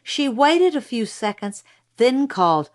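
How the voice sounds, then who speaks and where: A woman giving a measured storybook narration. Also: a little high, very animated. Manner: unhurried, measured reading. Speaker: audiobook narrator.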